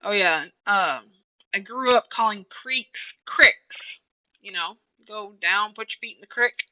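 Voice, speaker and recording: A woman's voice: medium pitch, slow pace, pushed and bright. A young woman streamer chatting casually and rambling to herself while she plays a game. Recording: dull lo-fi recording.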